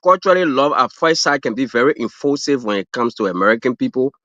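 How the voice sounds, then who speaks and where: A man's voice: medium pitch, lively intonation, fast, a bit bright, no room sound. Rambling man with an African accent. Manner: rambling, full of fillers and restarts, laughs at his own stories. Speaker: guest. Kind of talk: casual livestream chat. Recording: dull lo-fi, dry stream audio.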